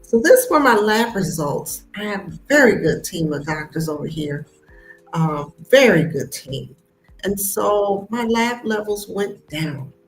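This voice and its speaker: A woman's voice: medium pitch, unhurried, roomy sound, faint music behind, poor audio. American woman telling her story. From United States. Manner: animated, acts out quoted voices. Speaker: host of a live stream. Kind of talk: personal storytelling.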